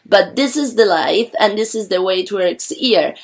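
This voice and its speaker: A woman from Italy with an Italian accent, a channel host addressing viewers casually in English, rambling and chatty, her voice a bit rough. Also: medium pitch, lively intonation, normal speed, few pauses. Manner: chatty, rambling, with frequent fillers.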